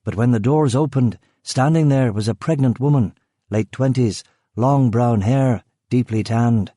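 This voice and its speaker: A man reading a crime thriller audiobook in measured scripted narration. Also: medium pitch, warm tone, no echo, clean studio sound.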